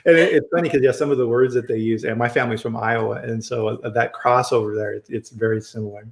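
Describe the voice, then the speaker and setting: A man's voice: mid-range voice, fairly even intonation, quick pace, vocal fry, reverberant. A man hosting a casual live-stream chat on a video call, friendly and chatty, often restarting his sentences. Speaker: host.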